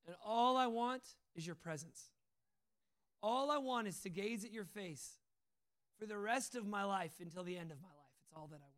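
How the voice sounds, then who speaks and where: A man preaching a sermon, telling personal stories in an animated way, acting out quotes and laughing often. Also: high voice, moderate pace.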